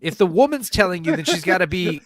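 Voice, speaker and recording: A man's voice: high voice, sing-song, quick pace, fairly bright tone, dry recording, clean studio sound. A man co-hosting a podcast, chatting casually, swearing freely and slipping into mock voices. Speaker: podcast co-host. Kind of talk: casual chat.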